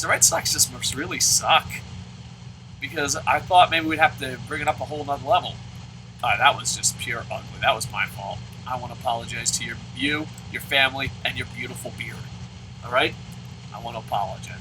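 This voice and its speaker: A man's voice: on the high side, sharp tone, slight background noise, rough recording. A man hosting a let's play, commenting on a baseball game and answering viewer comments in a profane, ranting way.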